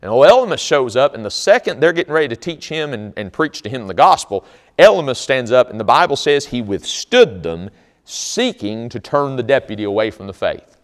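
A man's voice: medium pitch, big pitch swings, a little fast. A man preaching a sermon, telling stories in an emphatic, conversational way. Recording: long hall reverb.

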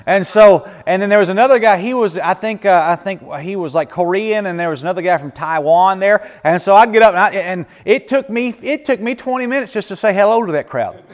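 A man, a missionary preacher, telling stories casually to a congregation, animated and laughing often with many restarts. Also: sits high, fairly quick, hardly any pauses, big-room sound.

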